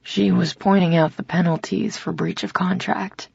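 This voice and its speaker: Woman voicing a hushed young male lover. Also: steady tone, normal speed, vocal fry, husky, no echo, highs cut off, exaggerated voice. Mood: hushed tender. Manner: hushed, low and tender. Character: brooding young male musician lover, soft-spoken.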